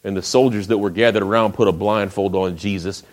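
Man, preacher, storytelling sermon, fairly low voice, shifts from lively to hushed. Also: brisk. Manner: folksy retelling with acted quotes and sudden drops to a hush.

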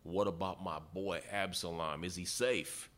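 A man's voice: low-pitched, steady tone, a little slow, fairly bright tone. A man doing an anxious king asking for his son. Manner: pleading, urgent questions.

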